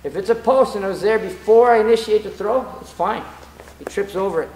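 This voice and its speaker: A man's voice: high-pitched, fairly quick. A man coaching grappling technique on the mat, telling stories as he demonstrates moves. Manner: animated, storytelling, demonstrates moves. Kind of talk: mat-side technique instruction. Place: training gym. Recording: echoey gym, background noise.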